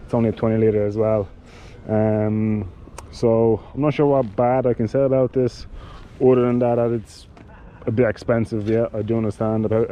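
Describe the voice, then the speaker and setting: Man, cycling gear reviewer, monotone delivery, halting with restarts, faint background noise. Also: mid-range voice, dull audio. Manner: halting, with many fillers and restarts. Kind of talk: casual product demonstration.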